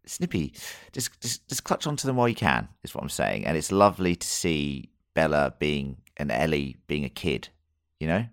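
A man's voice: a bass voice, expressive, moderate pace, few pauses, no room sound, clean studio sound. A man co-hosting a podcast, reviewing a TV episode in casual chat and rambling with many restarts and fillers.

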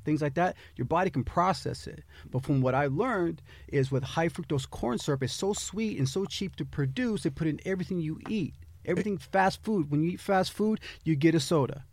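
Man, casual podcast chat, laid-back, lots of swearing, a touch high, dry close sound. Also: brisk, few pauses, no room sound. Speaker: podcast co-host.

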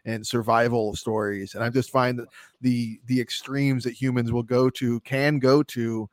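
A man's voice: medium pitch, flat delivery, a little slow, no echo, studio quality. A man co-hosting a podcast, chatting casually about movies in a rambling, profane way with frequent laughs. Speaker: podcast co-host.

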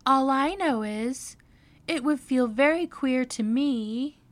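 A woman's voice: high-pitched, slow pace, pitched above the performer's own voice. Woman doing a polite, bewildered storybook girl. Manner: polite, shy, sometimes flustered. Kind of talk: storybook read-aloud.

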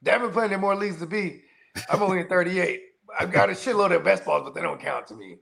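A man's voice: high voice, fast, gravelly, a bit bright. A man co-hosting a casual fantasy football chat, rambling and profane, tagging lines with "you know what I mean". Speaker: co-host.

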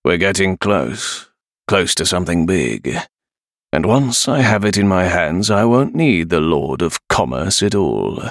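A calculating criminal boss, as a man reads him, deep and gravelly, with a lively up-and-down delivery. He speaks slowly with quiet menace, and the close, dry sound has no room around it. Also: no room sound, heavily acted. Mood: cold scheming. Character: scheming male gang leader, cold and calculating.

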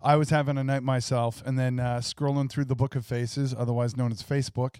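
A laid-back man co-hosting a casual podcast, mostly chiming in with short replies. His voice is smooth and clear at an ordinary pitch. It is recorded dry on a close studio mic. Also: little pitch movement, a little fast, a little mellow, dry recording. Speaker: podcast co-host.

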